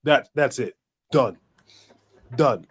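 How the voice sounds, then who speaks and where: Mid-pitched guy on a wrestling pod, blunt, slangy, swears casually. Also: expressive, slow pace, husky. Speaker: podcast co-host.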